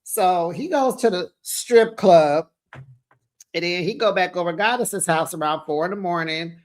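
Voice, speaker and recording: A woman with a fairly low voice recaps reality TV in a casual, sassy way. She is full of slang and talks straight to her viewers as a host. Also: unhurried.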